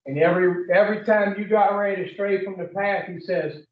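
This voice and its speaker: High-voiced man preaching bluntly in an echoey room. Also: fairly even intonation, fairly quick, slight background noise. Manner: blunt and profane, peppers the group with questions. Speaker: addiction recovery speaker. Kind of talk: preaching-style group talk. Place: room with a group. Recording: echoey room, distant muffled mic.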